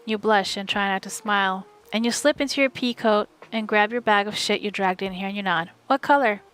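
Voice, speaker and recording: A woman streamer reading a novel aloud live from home, in steady, wry first-person narration. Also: mid-range voice, brisk, smooth, faint music behind.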